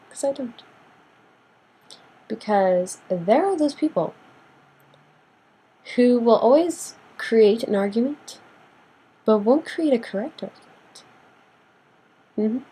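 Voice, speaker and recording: Sassy young woman ranting, husky voice. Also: low-quality recording. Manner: sassy, animated, acts out quotes with big pitch jumps. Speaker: vlogger. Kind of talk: casual rant to camera.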